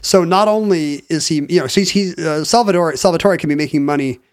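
Talking briskly in a slightly high voice, this podcast co-host recounts a story through relaxed, wry conversation full of restarts. There's no room sound on the recording.

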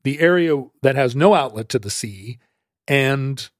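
A man's voice: mid-range voice, animated, a little slow, no echo. Rambling male podcast storyteller, dry sound. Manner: rambling storyteller, frequent restarts and fillers, laughs easily. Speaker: podcast co-host explaining history. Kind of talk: casual conversational explanation.

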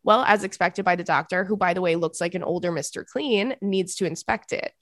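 A young woman hosting a podcast in casual chat, animated and prone to high, squealing laughter, recorded close on a microphone. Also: brisk, no echo. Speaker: podcast host.

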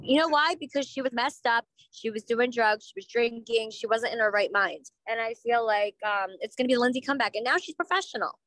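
A woman's voice: on the high side, fairly quick, few pauses, fairly bright tone, no room sound, poor audio. A woman co-hosting a casual gossip podcast, blunt and opinionated, swearing casually. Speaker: podcast co-host.

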